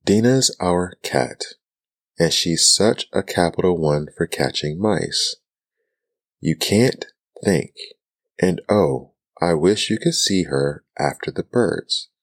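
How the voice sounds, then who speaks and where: A man voicing a curious, polite young girl in a whispered role-play, soft and earnest. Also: low voice, expressive, slow, dry recording, clean studio sound. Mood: eager.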